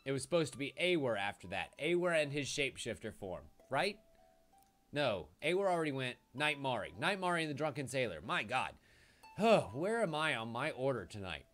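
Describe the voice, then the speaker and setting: A man giving live commentary while he plays a video game, excitable and quick to swear when things go wrong. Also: mid-range voice. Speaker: game streamer. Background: game music.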